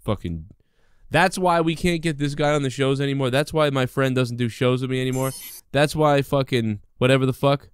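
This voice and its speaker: A man's voice: mid-range voice, brisk, smooth, dry recording. A man hosting a podcast, ranting angrily and sarcastically with constant swearing. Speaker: podcast host. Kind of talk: profane ranting monologue.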